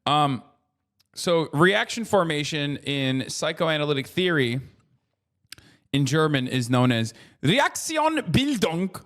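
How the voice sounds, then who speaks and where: An American man in his thirties doing casual livestream commentary, talking to his chat with profane, animated rants. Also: on the high side, slow. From United States. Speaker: streamer reacting to chat.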